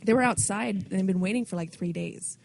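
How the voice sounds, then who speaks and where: Blunt, gravelly woman on a podcast. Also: medium pitch, a little fast, a little mellow. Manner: blunt, matter-of-fact. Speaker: guest, comic shop worker. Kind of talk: casual chat.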